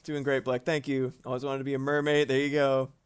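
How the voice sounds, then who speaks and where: A man's voice: medium pitch, brisk, clear, resonant tone. A man in his thirties streaming live while animating, chatting loosely with his viewers and cursing now and then. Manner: relaxed, chatty, reads chat aloud, swears casually. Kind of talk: casual live-stream chat.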